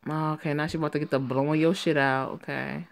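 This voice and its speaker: A woman reading a story game aloud and reacting to it in a sassy, profane way that is quick to laugh. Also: low-pitched, steady tone, gravelly.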